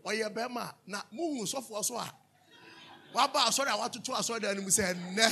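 A Ghanaian man preaching a sermon as pastor, animated, drifting into sung lines and asking his listeners to answer back. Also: sits high, brisk, creaky, slightly rough. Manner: calls for audience responses, asks and answers himself.

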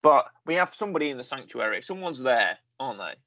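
A man's voice: medium pitch, sing-song, fast talker, bright, forceful tone, no echo, lo-fi sound. A man hosting a casual review conversation, talking in a rambling way and often correcting himself with fillers. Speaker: podcast host reviewing a series.

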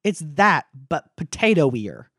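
A man's voice: fairly high pitch, big pitch swings, slow, a bit bright, no echo, studio quality. A man co-hosting a casual podcast chat, rambling with lots of fillers and playful asides. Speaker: podcast co-host.

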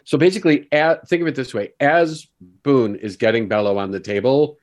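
A man's voice: mid-range voice, moderate pace. A man playing a tabletop role-playing game, describing his character's actions. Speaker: player.

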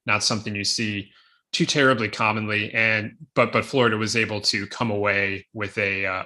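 A man co-hosting a podcast, with a fairly low voice that still has a bright, forceful edge. He talks casually and conversationally, dropping in quick asides. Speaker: podcast co-host. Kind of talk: casual sports chat.

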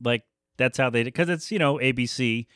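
A man's voice: medium pitch, normal speed, a bit bright, clear, resonant tone, no echo. Man, podcast host, casual rambling recap, jokey self-corrections, dry room.

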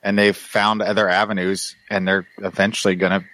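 Very deep-voiced podcast co-host. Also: male voice, little pitch movement, a little fast, fairly bright tone. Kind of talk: casual podcast chat.

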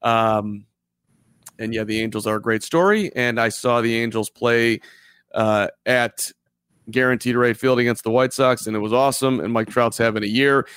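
A man's voice: mid-range voice, normal speed, a bit bright, smooth, dry recording. A man co-hosting a live baseball podcast, telling stories in a rambling way and repeating himself. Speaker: podcast co-host. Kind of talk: casual live podcast chat.

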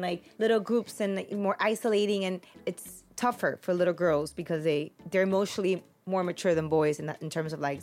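A woman's voice: lowish voice, a little mellow. A woman on a parenting podcast, talking in a reflective, rambling way with lots of fillers. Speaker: mother on a parenting podcast panel. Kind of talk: casual podcast conversation.

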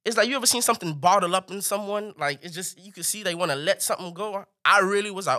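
A man telling a comic story in an animated way, jumping high in pitch for punchlines. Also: quick pace, few pauses.

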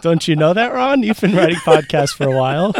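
A man's voice: on the high side, big pitch swings, fairly quick, a little hiss or hum. A man who writes podcast scripts, teasing and joking on a live panel. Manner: playful, teasing.

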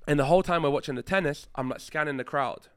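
With a fairly high, smooth voice and a fast pace, a man recounts a story during a casual podcast chat, cursing freely and performing the other people's dialogue like an animated storyteller. The sound is clean studio audio with no room sound.

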